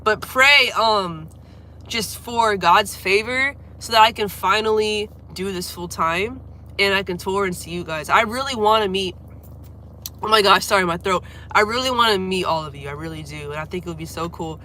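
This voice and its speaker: Young woman with a cold on a livestream, congested, rambly, bright sound, little hum in back. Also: mid-range voice, normal speed. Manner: chatty, rambling, apologetic. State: has a cold, congested and coughing. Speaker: livestreamer and singer. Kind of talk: casual livestream chat. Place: at home.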